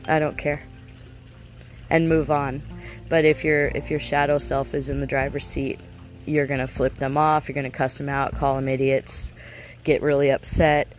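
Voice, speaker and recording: A man's voice: medium pitch, little pitch movement, normal speed, faint music behind. A man giving a casual self-help lesson in an earnest way, asking his listeners rhetorical questions.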